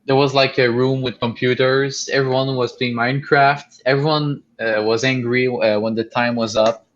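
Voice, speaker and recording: Halting young man on a lo-fi mic. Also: medium pitch, fairly even intonation, a bit bright, a little hiss or hum. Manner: halting, many fillers, blunt. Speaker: podcast co-host. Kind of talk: casual chat. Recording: dull lo-fi home recording.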